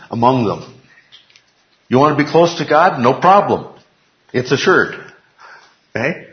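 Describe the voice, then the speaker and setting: A man's voice: mid-range voice, expressive, a little slow, long pauses. A man teaching a Bible class, emphatic, repeating key phrases and putting questions to the class. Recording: echoey room, dull lo-fi sound.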